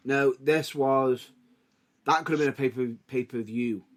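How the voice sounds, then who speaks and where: A man's voice: mid-range voice, unhurried. A man co-hosting a casual wrestling podcast who teases his co-host in a playful way. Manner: teasing, playful.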